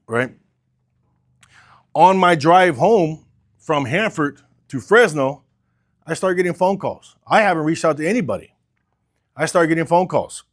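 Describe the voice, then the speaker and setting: A man telling his own story in casual, conversational talk. He swears freely, keeps tagging lines with "right?", and acts out the dialogue he quotes. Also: medium pitch. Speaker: car business coach telling his story.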